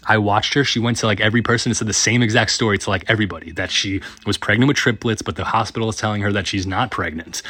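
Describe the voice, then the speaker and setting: A man's voice: lowish voice, fairly bright tone, dry recording. A man in his thirties telling a rambling story with frequent laughs. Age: 30s. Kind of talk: casual storytelling.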